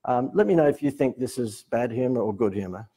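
A man's voice: mid-range voice, expressive, fairly quick, mellow, breathy edge, poor audio. A man with an Australian accent giving a live seminar talk to a room, telling stories in a joking, sarcastic way. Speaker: seminar presenter.

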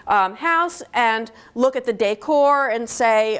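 Woman, university lecture, higher voice, slow unhurried delivery, explanatory, frequent "okay?" check-ins. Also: expressive, a bit bright, clean tone. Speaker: linguistics professor giving a lecture. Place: lecture hall.

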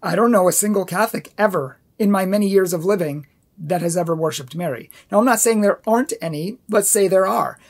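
Gravelly voice, catholic apologist ranting at a book, keeps repeating stuff and daring viewers to check. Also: medium pitch, fairly quick. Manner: emphatic, repeats points for stress, laughs at claims it rebuts; challenges viewers directly. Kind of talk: apologetics commentary video.

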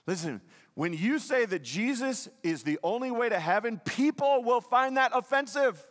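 A man's voice: high voice, a bit bright, big-room sound. A male pastor delivering a sermon, emphatic, asking the congregation questions and repeating key lines. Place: church sanctuary.

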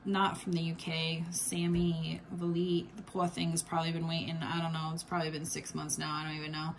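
A woman's voice: fairly low pitch, level tone, a little fast, hardly any pauses, a little hiss or hum. Chatty woman rambling through an unboxing. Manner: rambling, chatty, many fillers and restarts. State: has the hiccups. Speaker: unboxing vlogger. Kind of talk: casual unboxing chat.

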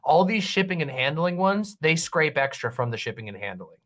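Man, fairly high voice, loose profane banter, casual livestream chat. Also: sing-song, a little fast, fairly bright tone.

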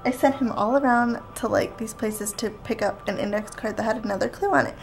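A young woman vlogging in casual chat, talkative and quick to argue. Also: mid-range voice, gravelly, a little hiss or hum. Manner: chatty, argumentative, quick back-and-forth.

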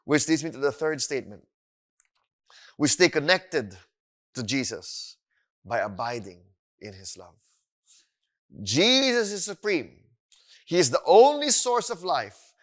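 Man, Filipino accent, pastor preaching, bright forceful tone, slightly high voice, animated. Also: measured pace. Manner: animated preaching, switching between English and Tagalog phrases; acts out voices of children and doubters. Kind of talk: sermon.

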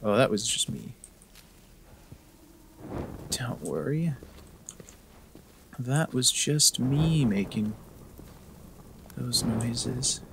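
A man's voice: medium pitch, lively intonation, drawn-out words, vocal fry, pauses often, a little hiss or hum. A man commenting on a horror game as he plays, with joking, sarcastic asides. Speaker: gaming video host. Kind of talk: let's-play commentary.

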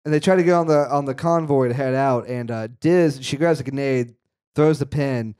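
A man's voice: mid-range voice, normal speed, a little mellow, clear, resonant tone. A man co-hosting a casual movie podcast, retelling film scenes in a rambling way with lots of fillers. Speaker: podcast co-host. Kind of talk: casual movie recap chat.

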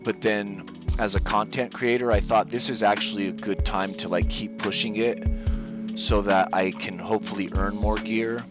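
With background music playing, a young streamer talks at a moderate pace in a lowish voice with fairly even intonation. His chat is casual and joking, meandering along with easygoing gamer slang.

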